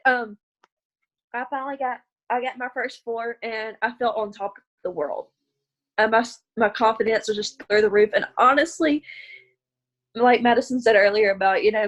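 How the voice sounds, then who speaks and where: A woman's voice: on the high side, muffled recording. A young woman with a Southern American accent from Arkansas, sharing a personal testimony, tearful and laughing through her nerves. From Arkansas, USA. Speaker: team member sharing her story.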